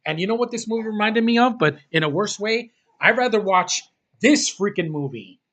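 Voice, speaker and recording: A man with a somewhat high voice delivers a casual, exasperated rant. He is blunt and profane, and he rambles, restarting his sentences as he talks. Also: expressive, normal speed, a bit bright. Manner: exasperated, blunt, repeats "freaking" and swears. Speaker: movie reviewer.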